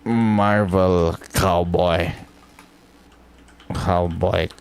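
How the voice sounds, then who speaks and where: A male streamer with a low voice who talks at an unhurried pace. He chats casually while thinking out loud, swears freely and leans on "like" between thoughts. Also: fairly even intonation, vocal fry, clear, resonant tone. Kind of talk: casual live-stream chat.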